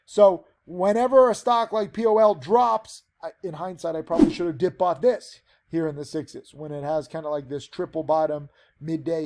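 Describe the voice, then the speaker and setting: A man's voice: high voice, warm tone. A man teaching penny stock trading, giving a casual, rambling trade recap with many fillers.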